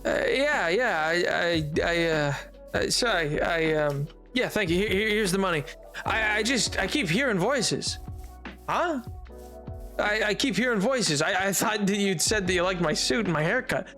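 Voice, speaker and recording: Worn-out bar customer, flustered and stammering, played by a male streamer in a joke; high bright tone. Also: animated, normal speed, faint music behind. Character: tired, frazzled man at a bar.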